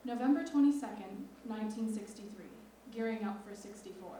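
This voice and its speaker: This is a student writer in her teens, reading her own lyric essay aloud with measured expressiveness. Her voice is medium-pitched, mellow and dark-toned, and it carries from far back in a large echoing hall where faint noise lingers behind her.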